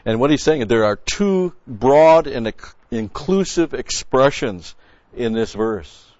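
A man's voice: medium pitch, lively intonation, slow, a little mellow, dry recording. A man giving verse-by-verse sermon teaching as a Bible teacher, stressing points by repeating key words and explaining the grammar of the original text. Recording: dull, dry lo-fi recording.

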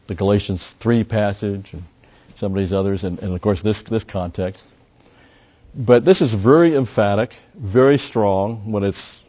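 A man preaching a sermon, teaching through scripture and leaning hard on key words to stress them. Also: on the low side. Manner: emphatic, surges louder on key words; teaching, with fillers and restarts. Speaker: pastor. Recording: dull, lo-fi recording.

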